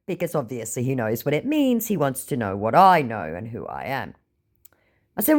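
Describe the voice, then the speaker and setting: A woman's voice: low voice, huge pitch swings, moderate pace, a little mellow. A woman, mockingly narrating a story about baiting a scammer. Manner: dry, mocking sarcasm. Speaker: scam-baiting channel host.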